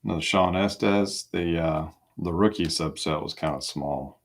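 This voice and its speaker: Card break host, male, very low gravelly voice, slow and unhurried. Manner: relaxed, reads off cards with small asides. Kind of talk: casual live card-break commentary.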